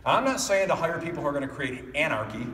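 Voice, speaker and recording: A man with a fairly high voice tells stories during a motivational keynote and keeps putting questions to the crowd. The sound comes from a distant mic in a large hall with a long reverb tail. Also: fast talker, a little hiss or hum. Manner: animated storytelling, addressing the audience directly. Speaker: keynote speaker. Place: conference hall. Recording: echoey hall picked up from a distance.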